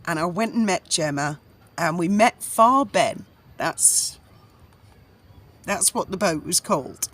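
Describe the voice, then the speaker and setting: A woman's voice: lowish voice, animated, slow pace, pauses often, a bit bright. A middle-aged woman, recounting her past in a chatty, rambling way full of fillers and restarts. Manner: chatty and rambling, with frequent fillers and self-corrections. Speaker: vlogger. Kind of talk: casual personal storytelling.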